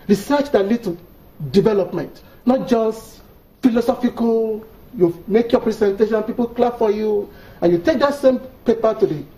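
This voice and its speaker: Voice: medium pitch, dark tone, echoey room, poor audio. An earnest guest, making a point on a TV panel with many restarts. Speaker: studio guest. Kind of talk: TV panel discussion.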